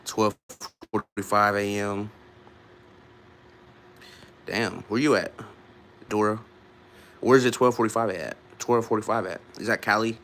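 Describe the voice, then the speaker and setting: Young man from Ohio, 20s, livestreamer; rambling, easygoing chat with a low voice. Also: steady tone, unhurried, long pauses, a bit bright, slight background noise. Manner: rambling, loose and laughing, with many restarts. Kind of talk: casual live-stream chat with viewers.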